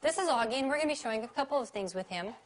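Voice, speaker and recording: Woman trainer, a touch high, upbeat and chatty. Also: expressive, rapid-fire, background noise. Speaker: dog trainer. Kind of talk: instructional explanation.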